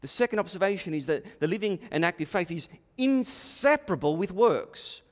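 A male preacher delivering a sermon with a somewhat high voice, animated and repetitive, acting out the voices he quotes. His words ring out with a long reverb from a large hall. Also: normal speed. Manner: animated, repeats himself, acts out quoted voices.

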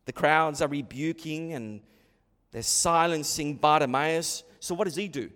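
A man preaching a sermon as pastor, dramatic, dropping to a hush and rising to a shout. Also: on the high side, unhurried, in a large hall.

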